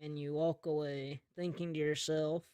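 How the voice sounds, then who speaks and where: A man narrating a tabletop role-play game as game master, in a relaxed, chuckling way. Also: fairly high pitch, moderate pace, clear, resonant tone, no room sound.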